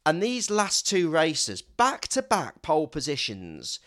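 A man co-hosting a podcast in casual chat, emphatic and self-mocking. His voice rises and falls a lot as he talks, and it sits a little high for a man. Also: wildly swooping pitch, slow, a bit bright. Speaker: podcast co-host.

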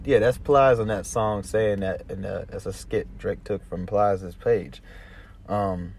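Slow, creaky, and husky, this Atlanta commentary vlogger has a lowish, darkish voice with a steady tone and a Southern accent. He rambles profanely through casual commentary, restarting often and laughing easily.

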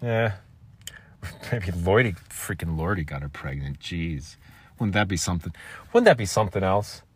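Low-voiced man rambling through a story. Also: lively intonation, normal speed, slightly rough, dry recording. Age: 30s. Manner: rambling, self-mocking, casual swearing. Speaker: podcast host.

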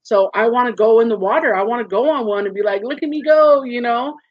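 A woman's voice: fairly high pitch, quick pace, dry recording. A woman in her thirties, a guest in a candid interview, talking earnestly and animatedly and acting out voices in her stories. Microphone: video call. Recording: dull muffled lo-fi sound.

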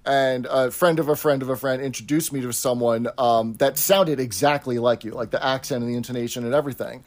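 A man's voice: mid-range voice, steady tone, a little fast. A man co-hosting a podcast, telling stories playfully in casual chat. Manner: playful storytelling. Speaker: podcast co-host.

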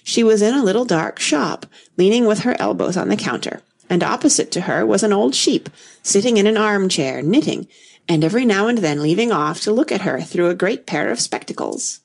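Woman storyteller, storybook reading, husky voice, even delivery. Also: mid-range voice, a little fast.

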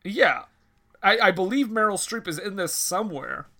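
Bright-voiced, sarcastic male podcast host. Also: sits high, animated, moderate pace. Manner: playful and sarcastic. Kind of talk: casual comedic chat.

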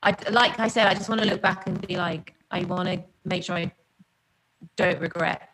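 A woman's voice: on the low side, steady tone, normal speed, noisy background. A woman with a non-American English accent, guest on a podcast, talking in a rambling, laughing, playful way over a remote call. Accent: non-American English, often taken for Australian. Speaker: guest singer. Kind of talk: casual podcast interview.

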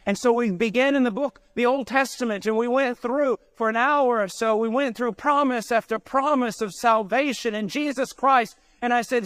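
A man's voice: extremely high pitch, moderate pace, hardly any pauses, fairly bright tone, clean tone, dry recording. A middle-aged man preaching a sermon, telling a story with passion and building to emotional peaks.

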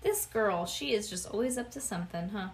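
A woman reading a children's book aloud to a child, expressive and playful, chatting between passages. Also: mid-range voice, fairly quick.

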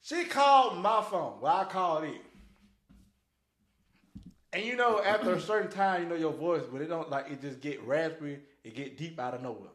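A man's voice: on the high side, moderate pace. A man hosting a podcast, telling stories in a casual, slangy way, laughing often and acting out what people said. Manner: animated, slangy, laughs often, acts out quotes. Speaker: podcast host. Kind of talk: casual storytelling chat. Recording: echoey room.

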